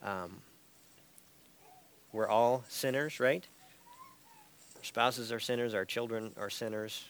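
A man with a lowish voice leads a Bible class in a church room. He teaches conversationally and keeps checking in with "right?" and a soft chuckle. A faint hiss sits under the recording. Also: slow pace, long pauses. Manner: tags points with "right?" and light chuckles.

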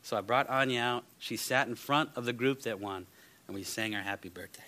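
A man preaching a sermon, firing rhetorical questions and moving between loud and hushed delivery. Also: mid-range voice, fairly quick. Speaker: pastor.

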